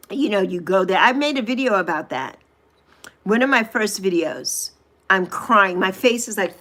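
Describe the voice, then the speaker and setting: A woman in her sixties hosting a casual livestream, animated and sassy, greeting viewers by name. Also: mid-range voice. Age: 60s. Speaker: livestream host.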